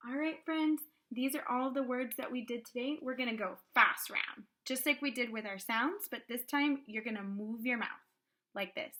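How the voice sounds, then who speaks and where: A woman teaching kindergarten phonics online, sounding out words slowly and clearly with cheerful prompts. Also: on the high side, sharp tone.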